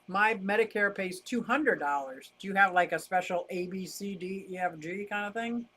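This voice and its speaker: A woman's voice: medium pitch, normal speed, fairly bright tone, husky. An older woman hosting a casual livestream, chatting and answering viewer comments in a wry, talkative way. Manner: chatty, wry, laughs easily, rants about costs. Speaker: livestream host.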